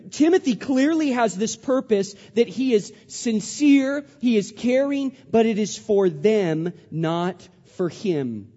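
A man in his thirties, a pastor preaching a sermon, animated and then hushed as he tells a story. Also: high-pitched, slow pace, hardly any pauses. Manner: animated preaching, drops to a hush for stories. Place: church hall. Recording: dull sound with long hall reverb.

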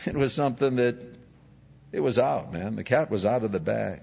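A male pastor delivers a sermon with a lively, swooping pitch, slipping into the voices of biblical figures as he speaks. His voice rings with a long hall reverb and sounds a little dull and muffled. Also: moderate pace, gravelly, husky. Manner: animated, acts out biblical figures in dialogue.

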